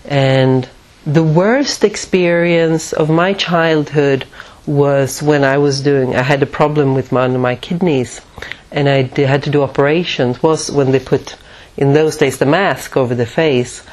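A woman's voice: deep voice, fairly even intonation, measured pace, darkish tone. A woman teaching at a retreat, telling a personal story in a reflective way and often laughing at herself.

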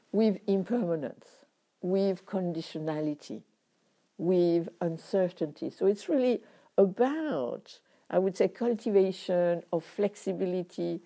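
Dark gravelly woman teaching meditation. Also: medium pitch. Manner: reflective, in short phrases with frequent pauses.

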